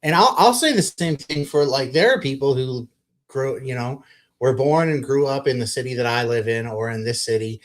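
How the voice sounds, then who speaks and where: Podcast co-host, male, casual, blunt and swearing, mid-pitched voice. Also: moderate pace. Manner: blunt, profane, animated when ranting. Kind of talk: casual chat.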